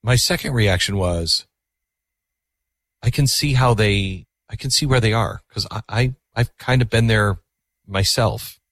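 A man's voice: lowish voice, unhurried, a bit bright, no echo. A man hosting a call-in radio show, speaking earnestly and reflectively to callers. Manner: earnest, reflective, taking calls. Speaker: radio talk show host.

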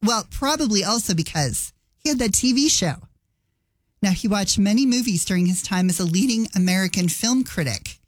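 A woman's voice: mid-range voice, animated, moderate pace, no echo. A woman radio host talking casually between songs, with wry personal asides.

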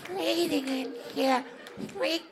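A man's voice: fairly even intonation, takes it slowly. A male comedian voicing a nagging, clingy woman who complains she is always cold. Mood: whiny. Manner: nagging, repetitive, shrill. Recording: live club, loud crowd and noise.

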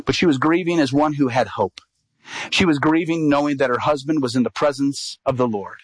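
A man's voice: a little fast, no echo, poor audio. A man, an evangelist, telling a personal story in a sermon, acting out the dialogue with rising emotion. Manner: animated storyteller, acts out quoted dialogue, rises in pitch at climaxes.

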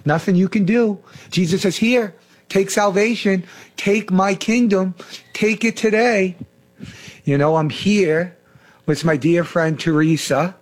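A man's voice: high voice, a little slow. A man hosting a faith talk show, preaching with fervent emphasis. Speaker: host, preacher.

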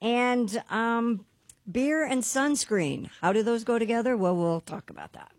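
A woman's voice: fairly high pitch, a little slow, dry recording. Woman reading radio news teasers. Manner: reads listener mail, previews news briefly. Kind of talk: casual radio banter.

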